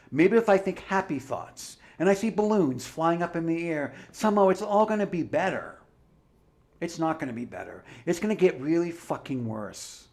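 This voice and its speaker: A man with a fairly high voice delivers a heated livestream monologue. He rants in a combative way, swears freely and slips in sarcastic asides. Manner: profane, combative ranting. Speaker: livestream commentator.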